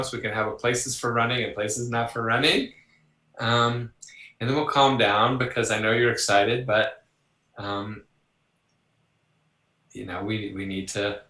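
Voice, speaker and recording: An older man speaks with a bright, forceful tone, lively and conversational as he explains his ideas. He acts out little voices in his examples, and the room rings around him with noticeable echo. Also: mid-range voice. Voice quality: animated, acts out voices in anecdotes. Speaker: psychologist guest. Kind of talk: conversational interview.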